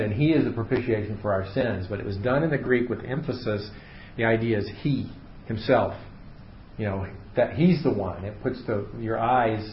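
Man, lowish voice, casual Bible study teacher, fillers and restarts; roomy, slightly muffled room recording. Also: a little hiss or hum. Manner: relaxed, unscripted explaining with many fillers and restarts. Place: small room with a group.

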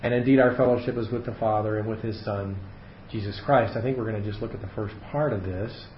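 A man's voice: on the low side, fast. A man leads a casual Bible study, walking through the text as he explains it and thinking aloud with plenty of fillers and restarts. His voice carries around an echoey room, and the sound is dull and slightly muffled, with a faint hiss underneath.

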